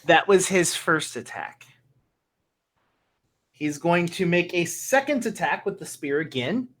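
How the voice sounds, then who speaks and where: A man running a tabletop game as game master, tallying dice aloud in a measured way. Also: a little high, expressive, a bit bright.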